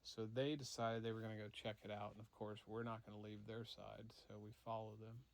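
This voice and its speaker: A man casually telling a story to his child, relaxed and unhurried, with lots of fillers, acting out the parts as he goes. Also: on the low side, gravelly.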